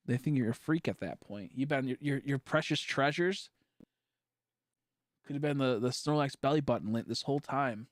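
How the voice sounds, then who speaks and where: A man's voice: medium pitch, moderate pace, no echo, studio quality. A young man chatting casually on a livestream, rambling and joking and laughing often as he talks. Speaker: streamer.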